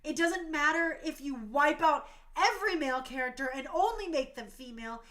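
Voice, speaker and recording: A woman's voice: high voice, lively intonation, normal speed, a bit bright. A woman in her thirties hosting a talk show stream, speaking passionately and emotionally, tearful at times.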